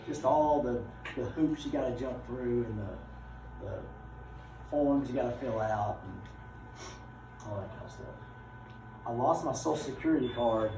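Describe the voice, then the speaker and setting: A man teaching a class, explaining ideas through folksy, animated personal stories. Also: medium pitch. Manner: folksy and animated, drawling asides. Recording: echoey room, mic far off, noisy.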